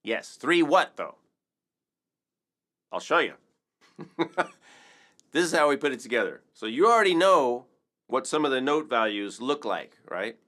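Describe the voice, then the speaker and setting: A man's voice: mid-range voice, big pitch swings, a little slow, pauses often, pushed and bright. A man teaching a casual rhythm lesson, upbeat and chatty, counting beats aloud. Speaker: percussion teacher.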